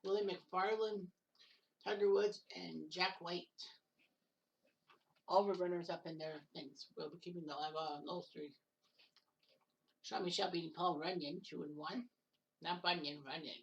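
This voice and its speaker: Low gravelly woman commentating casually. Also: fairly even intonation, a little slow, pauses often, distant mic, highs cut off. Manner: joking asides, correcting mixed-up names, occasional swearing. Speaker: commentator of a simulated golf match-play event. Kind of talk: casual solo results commentary.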